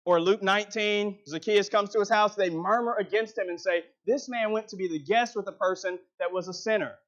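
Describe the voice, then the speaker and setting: Man preaching with a high, emphatic voice. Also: a little fast, fairly bright tone, lo-fi sound. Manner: emphatic, rising and dropping for effect. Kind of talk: sermon.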